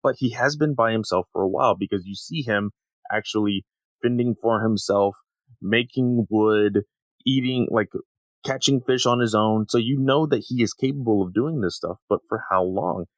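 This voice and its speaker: Low-voiced man chatting casually. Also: normal speed, no room sound. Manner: relaxed, heavy use of "like". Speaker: podcast co-host. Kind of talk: casual podcast discussion.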